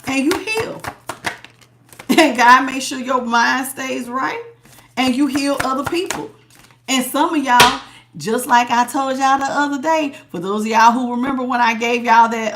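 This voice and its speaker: A woman's voice: a little high, background noise. A woman hosting a live tarot reading, chatting casually with viewers and laughing often.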